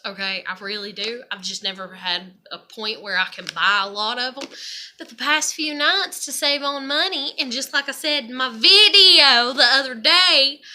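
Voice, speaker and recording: A woman vents in a personal vlog, her voice high and very bright. She swears freely and fires off one angry rhetorical question after another. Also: a little hiss or hum. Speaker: vlogger.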